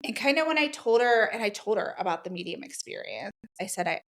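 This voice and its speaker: Animated woman telling a personal story. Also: brisk. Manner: animated, acts out quoted dialogue with pitch jumps; many fillers like "um" and "like". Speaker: guest, Reiki practitioner. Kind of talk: casual conversational storytelling.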